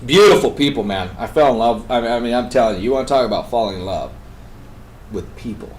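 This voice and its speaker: A man of middle pitch sits in a radio studio as a guest, telling a story with a lot of energy. He pushes hard on some phrases, then drops low and quiet as he presses a point. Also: quick pace, a little hiss or hum, rough recording. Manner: animated, swings between loud emphatic bursts and hushed intense passages. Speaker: guest on a talk show.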